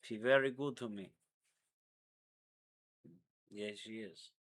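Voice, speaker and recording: A man voicing a boastful Mexican ex-con from Tijuana with a put-on Mexican accent and rough street slang. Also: on the low side, slow, fairly bright tone. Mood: smug. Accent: put-on Mexican Spanish.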